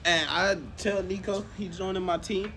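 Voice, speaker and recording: High-voiced man telling a slangy story. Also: normal speed, slight background noise. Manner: animated and slangy, acts out quoted lines and laughs often. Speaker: co-host telling a fan story. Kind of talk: casual improvised storytelling.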